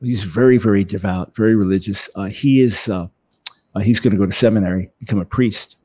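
A man's voice: lowish voice, brisk, warm tone, husky, no room sound. A man voicing a devout Catholic father who stammers and hesitates as he defends his son. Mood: flustered.

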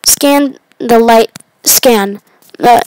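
A woman's voice: a little high, drawn-out words, a little mellow, smooth, dry recording, poor audio. A woman reading the lines of a nervous, bearded male teacher, with hesitant, stumbling delivery.

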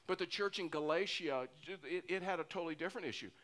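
A man's voice: a little high, fast talker, a bit bright. A middle-aged man preaching a sermon as pastor, earnest and often repeating phrases for emphasis. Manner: earnest, repeats phrases when stressing a point.

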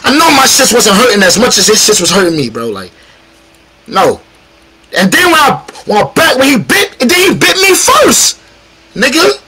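A man chatting casually on a livestream as a battle rapper guest, animated, profane and combative, teasing the chat directly. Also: very high voice, normal speed.

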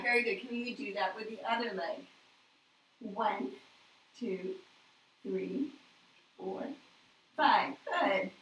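Woman yoga teacher for kids, slow gentle counting, higher voice. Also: reverberant, distant mic, slight background noise, low-quality recording. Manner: counts aloud and gives gentle cheerful cues. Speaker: yoga instructor. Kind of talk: children's yoga class.

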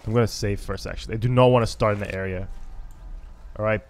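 A man's voice: lowish voice, steady tone, quick pace. A man giving let's play commentary on a stealth shooter game, frustrated and swearing at it, with chatty asides. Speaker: gaming YouTuber.

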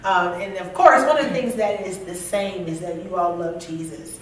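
A woman hosting a casual panel chat, playful and quick to joke and laugh. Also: lowish voice, slight background noise. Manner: playful, laughing, joking asides. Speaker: talk show host. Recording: echoey room from far off.

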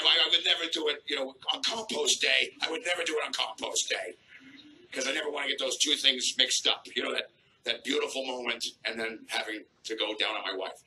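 A middle-aged man doing a crude stand-up set on a theater stage, deadpan with halting filler pauses. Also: medium pitch, a little hiss or hum, low-quality recording. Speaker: stand-up comedian. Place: theater stage before a live audience.

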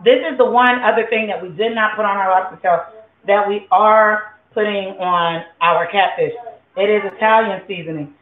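Here's a casual cooking vlog: a cook at home chats loosely with viewers while preparing food, cursing freely. The mid-range voice moves at a moderate pace, and the sound is echoey, tinny and phone-like.

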